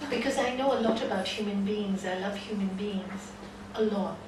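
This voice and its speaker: With a crowd audible behind her, a woman yoga teacher tells a story in a spiritual talk, animatedly performing its voices. She speaks at medium pitch and a moderate pace. A distant room mic captures her from far away in an echoey, noisy hall.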